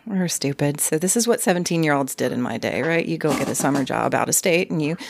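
A woman casually telling a ghost story from her youth, lively and acting out creaking sounds and other people's voices. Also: low voice, fast talker, a little hiss or hum. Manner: animated, acts out creaks and quoted voices.

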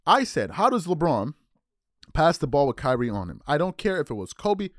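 Male podcast host, lively swooping delivery, dry close sound, mocking riffs. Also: medium pitch, fast talker, no echo. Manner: animated, mocking impressions of others. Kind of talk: casual sports commentary.

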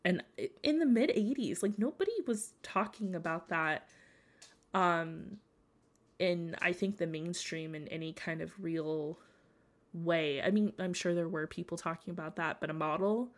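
Gushy, sick young woman podcaster, low-ish voice. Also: a little slow. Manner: gushing and emotional, heavy use of "like" and "um". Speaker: podcast host. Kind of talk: casual solo podcast chat.

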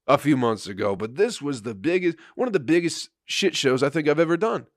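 A man's voice: medium pitch, lively intonation, a little fast, hardly any pauses, dry recording, studio quality. A man, a comedian and podcast host, telling a rambling, profane story in casual chat with frequent laughter.

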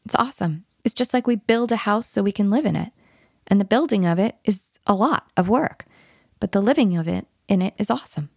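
A woman parenting coach who talks emphatically and dips into a hushed whisper when she models soothing words to a child. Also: medium pitch, brisk, vocal fry, husky, no room sound, studio quality.

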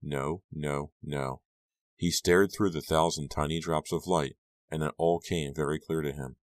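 A man narrating a teen horror novel, with measured, brooding storytelling into a close mic. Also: a bass voice, steady tone, dry recording. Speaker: audiobook narrator. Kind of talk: scripted narration.

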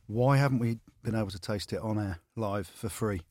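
Teasing low-voiced man in rugby banter. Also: normal speed, no echo. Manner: teasing, loud and lively when joking. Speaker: former rugby player and podcast co-host. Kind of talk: casual banter.

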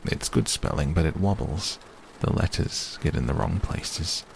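A man voicing a gentle, simple male teddy bear who speaks slowly and earnestly. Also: a bass voice, lively intonation, vocal fry, slight background noise, heavily acted.

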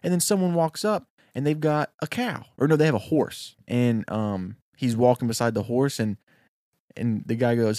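A man's voice: medium pitch, normal speed, no echo, clean studio sound. A man brainstorming a short film, telling a long folk tale with animation. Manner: animated storyteller. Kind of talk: casual brainstorming chat.

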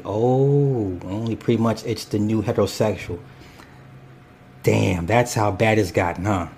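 A man's voice: fairly low pitch, normal speed, a little mellow, slight background noise. A man hosting a casual commentary stream, reading chat and speaking bluntly and profanely, rambling with restarts.

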